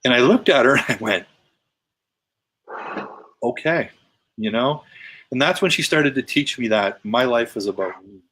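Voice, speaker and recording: A man's voice: mid-range voice, animated, a little fast, a bit bright, a little hiss or hum. A man guest telling a personal story in casual, emphatic conversation. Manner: emphatic, retelling with quoted dialogue.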